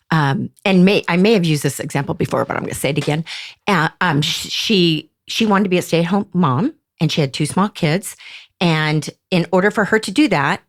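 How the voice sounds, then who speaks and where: An older woman hosting a podcast, giving marriage advice in casual chat and telling stories with quoted voices. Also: on the low side. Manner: animated storytelling, acts out quoted voices. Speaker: podcast host, marriage counselor.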